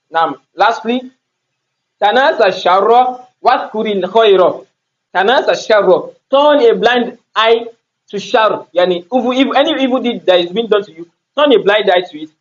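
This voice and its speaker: High-voiced man teaching grammar, lo-fi. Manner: explains step by step, repeats and asks rhetorical questions. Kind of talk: classroom grammar lesson.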